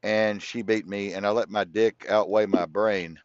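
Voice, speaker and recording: A man's voice: fairly low pitch, steady tone, normal speed, no echo. Guy rambling thru his stories, swears a lot, repeats stuff, dull dry lo-fi sound. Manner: rambling, profane, repeats himself. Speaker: guest. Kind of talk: casual storytelling interview.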